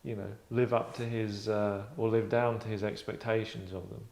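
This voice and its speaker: Man, host, casual discussion, wry, chatty, lowish voice, roomy echo. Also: little pitch movement, normal speed, gravelly, darkish tone.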